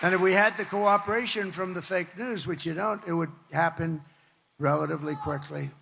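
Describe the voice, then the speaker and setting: A man's voice: high voice, fairly even intonation, fairly quick, creaky, a bit bright, a little hiss or hum. An older man from the New York area giving a campaign rally speech to a crowd in a large hall. He talks in a rambling, conversational way, repeating himself for emphasis. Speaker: political speaker. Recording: long reverb of a big hall.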